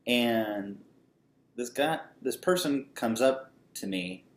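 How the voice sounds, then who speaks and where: A man telling a personal story in casual speech, halting often with fillers and restarts. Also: medium pitch, expressive, gravelly, echoey room.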